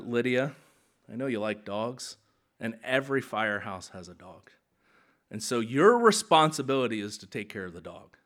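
Man preaching, thirties, animated pitch, conversational sermon, rising emphasis. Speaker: pastor.

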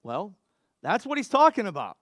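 A man's voice: on the high side, normal speed, no room sound, studio quality. A man preaching a sermon in a conversational way, with asides, restarts and rhetorical questions to the congregation. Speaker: pastor.

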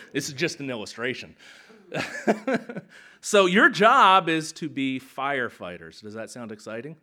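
Man preaching, thirties, animated pitch, conversational sermon, rising emphasis. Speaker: pastor.

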